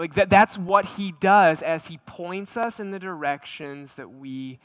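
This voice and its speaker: A pastor preaching a conversational sermon, animated, often repeating words and asking the congregation questions. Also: male voice, high voice, a little slow, dry recording.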